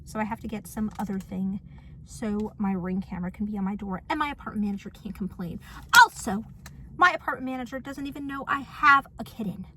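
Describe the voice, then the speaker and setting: A woman's voice: mid-range voice, brisk, bright, forceful tone, slight background noise. A young woman telling a story on her couch in a sassy, dramatic, mocking vlog style. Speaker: vlogger. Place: apartment living room.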